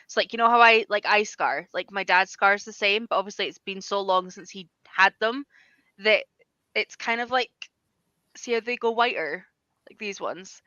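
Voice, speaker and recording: A young adult woman co-hosting a casual chat, talking in a halting, filler-heavy way. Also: medium pitch, bright, forceful tone, no echo. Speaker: livestream co-host. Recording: dull, dry lo-fi audio.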